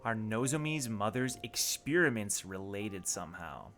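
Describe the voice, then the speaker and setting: A young man streaming a story game, reacting with excitable, animated speculation. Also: lowish voice, moderate pace, faint music behind. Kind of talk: live let's play commentary.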